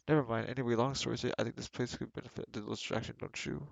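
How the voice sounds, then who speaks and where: A man's voice: mid-range voice, fairly even intonation, racing, gravelly, few pauses, no echo. A man reading a book aloud on stream and breaking off with sarcastic, exasperated commentary.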